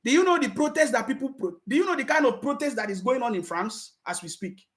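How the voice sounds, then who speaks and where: A woman's voice: sits high, expressive, quick pace. A woman with a Nigerian accent giving emphatic political commentary in a vlog, repeating her points and slipping into pidgin. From South South Nigeria. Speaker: political vlogger.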